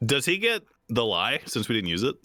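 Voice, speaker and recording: A man's voice: medium pitch, huge pitch swings, a little fast, bright, forceful tone, slight background noise. A man playing in a tabletop game, joking around casually. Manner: joking, playful. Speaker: player.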